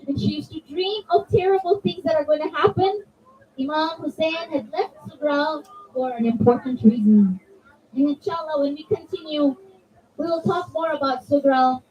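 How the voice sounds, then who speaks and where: Brief: woman storyteller for kids, high, lively voice, slightly distant, dull mic with faint hall noise. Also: moderate pace. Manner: expressive, addresses the children directly. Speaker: children's religious storyteller. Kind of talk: storytelling for children at a religious gathering. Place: community center hall.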